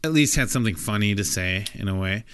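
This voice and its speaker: A low-voiced man co-hosting a casual podcast. He rambles through a long joke and keeps jumping up in pitch to act out each character. The sound is dry and close, with no room around it. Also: lively intonation, fast talker, fairly bright tone, smooth, no room sound. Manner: rambling storyteller, acts out characters' lines with jumps in pitch. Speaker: podcast co-host.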